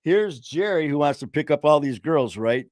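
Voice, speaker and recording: A man's voice: a little high, lively intonation, normal speed, darkish tone, dry recording, studio quality. A man hosting a streamed talk show, telling stories in a rambling, casual way with lots of fillers and some swearing. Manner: rambling, frequent fillers, laughs at own stories. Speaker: podcast host. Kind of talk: casual storytelling chat. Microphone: home streaming setup.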